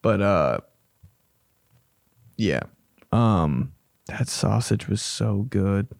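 A man's voice: on the low side, expressive, extremely slow, vocal fry, darkish tone, no echo. A man hosting a comedy podcast, riffing loosely and profanely, joking as he reacts, on a close mic. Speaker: podcast host.

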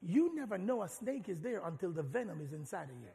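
A man with a high, bright voice preaches, building from easy teaching into fervent, shouted passages. His sermon rings through a large hall with a long reverb tail. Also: fast talker, creaky. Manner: animated preaching, rising to shouts. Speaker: pastor.

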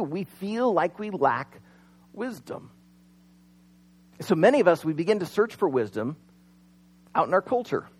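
A man preaches a sermon in a high voice that swoops up and down with plenty of life. He talks to the congregation like a friend, drops in jokes, and slows down for dramatic pauses. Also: low-quality recording. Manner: conversational, humorous asides, dramatic pauses. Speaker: pastor.

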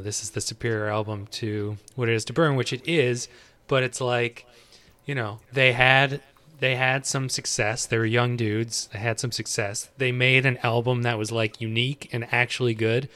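A man appearing as a guest on a music podcast, telling a story in a relaxed, wry way. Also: mid-range voice. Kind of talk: casual chat about music.

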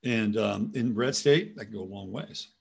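A man's voice: fairly low pitch, moderate pace, vocal fry, a little mellow, breathy edge. A man hosting a casual commentary show, rambling from topic to topic and now and then talking to his dog. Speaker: host.

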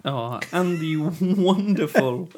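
A man's voice: a little high, lively intonation, slow pace, darkish tone, a little hiss or hum. A man hosting a podcast, joking and punning in a mock-grand way. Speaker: podcast host. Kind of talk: jokey podcast banter.

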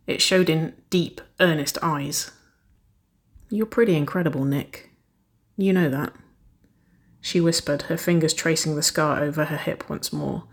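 Woman narrating a romance story. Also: fairly low pitch. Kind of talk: scripted narration of romance fiction.

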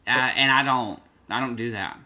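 A young adult man co-hosting a casual movie chat, animated and acting out his own reactions. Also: medium pitch, moderate pace. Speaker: podcast co-host.

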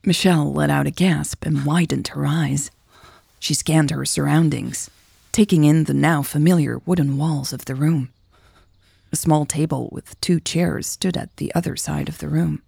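A woman narrating a story in a slow, measured way. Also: sits low, fairly even intonation, vocal fry, darkish tone, breathy edge, dry recording, clean studio sound. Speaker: podcast storyteller.

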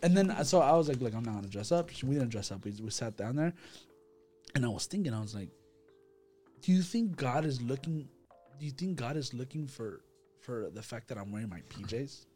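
A man leading a casual church group discussion, telling a story with quick restarts and repeated words. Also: medium pitch, animated, dark tone, faint music behind.

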